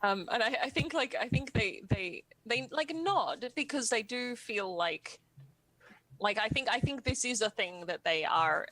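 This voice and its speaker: A woman with a medium-pitched, fairly bright voice plays a tabletop role-playing game, shifting in and out of character. She thinks aloud with lots of hesitations and fillers, and there's no echo on the recording.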